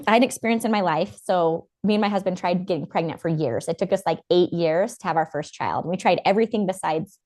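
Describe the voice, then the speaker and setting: A woman's voice: on the low side, a little fast, a little mellow. A woman hosting a casual podcast chat, enthusiastic and agreeable, asking her guest questions.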